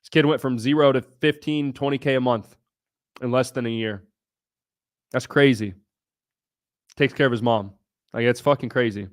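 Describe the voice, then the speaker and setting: A man hosting a casual livestream Q&A, talking bluntly with frequent swearing and bursts of excitement. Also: mid-range voice, moderate pace, pauses often. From United States (Ohio). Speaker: livestream host.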